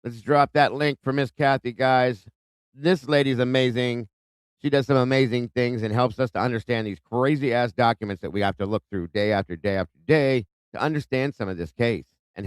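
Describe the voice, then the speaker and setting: At his home in Ohio, a man hosts a live stream, reading viewer comments aloud and greeting people by name in a relaxed way. The recording is dry, and his mid-range voice has a clean tone.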